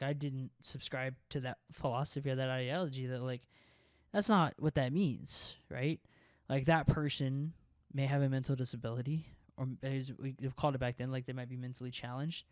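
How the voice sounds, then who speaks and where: A man's voice: medium pitch, moderate pace, no room sound, studio quality. A young man co-hosting a podcast, talking in a casual, rambling way, swearing often and filling his speech with "like" and "right?". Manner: profane, rambling, filler-heavy with constant "like" and "right?". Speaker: podcast co-host.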